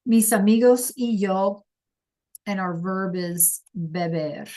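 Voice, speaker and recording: A woman's voice: mid-range voice, slow pace, dark tone. A woman teaching a Spanish class over a video call, praising students by name and encouraging them.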